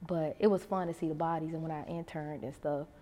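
Miami woman, animated guest storyteller, casual, hall reverb. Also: sits low, brisk. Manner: animated storyteller acting out quotes. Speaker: interview guest. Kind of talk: casual interview chat.

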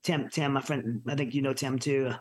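A middle-aged man from the United States telling his personal story as an interview guest, earnest and halting with many restarts. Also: mid-range voice, steady tone, darkish tone, slightly rough. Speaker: podcast guest.

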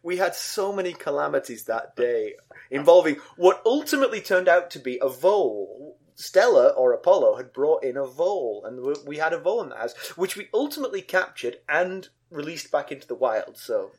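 A middle-aged man co-hosting a podcast, with a lively voice that swoops widely in pitch. He tells funny stories with bursts of laughter and sudden high-pitched yelps. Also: fairly quick, husky. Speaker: podcast co-host. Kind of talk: casual chat and animated storytelling.

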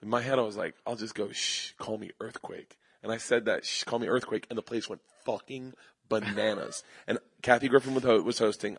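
Husky man telling stories. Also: lowish voice. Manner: animated storyteller doing quick voices of others. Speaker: comedian guest. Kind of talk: storytelling interview. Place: live audience at a comedy festival.

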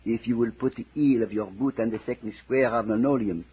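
A man's voice: medium pitch, a little fast, breathy edge. An actor playing a suave, menacing male nightclub waiter who talks with stiff formality, in 1940s radio acting. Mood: coolly menacing. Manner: stiffly formal, repeats "gentlemen". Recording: tinny old radio transcription.

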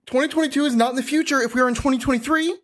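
A woman's voice: high voice, racing, fairly bright tone. Incredulous woman reading chat lines. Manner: incredulous, patient, breaks into laughter. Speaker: podcast co-host reading user lines. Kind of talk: comedic dramatic reading of a chat log.

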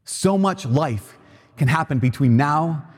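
A man's voice: on the high side, expressive, slow pace, darkish tone, husky. A man giving a homily at Mass, earnest and conversational, often repeating himself as he builds a point. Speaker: priest. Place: cathedral. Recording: long reverb of a large church.

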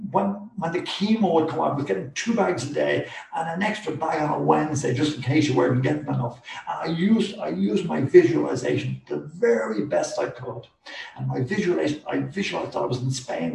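Gravelly older Irish man telling his story. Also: on the high side, a little mellow, reverberant, distant mic, low-quality recording. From Ireland. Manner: emotional, earnest, repeating phrases for emphasis. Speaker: guest. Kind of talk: personal storytelling in an interview.

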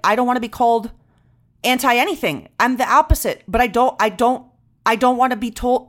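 Fired-up woman from Venezuela. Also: fairly high pitch. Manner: impassioned, rapid and animated, mixing in Spanish words. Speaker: podcast co-host. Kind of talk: casual chat.

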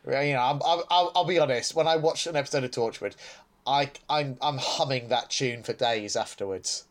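A man's voice: mid-range voice, normal speed. A man co-hosting a podcast, chatting casually and sarcastically about a TV episode, often laughing. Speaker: podcast co-host. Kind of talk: casual chat reviewing a TV episode.

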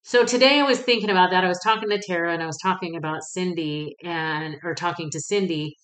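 Female podcast host, low-ish voice, candid and salty, animated storyteller, roomy echo on the recording. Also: quick pace. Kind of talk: casual personal monologue. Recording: echoey room.

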